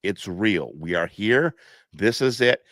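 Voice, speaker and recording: A man's voice: lowish voice, expressive, slow pace, fairly bright tone, no room sound. A man hosting a live stream from home, stuffed up, talking in a preachy, repetitive way and reading viewer comments aloud.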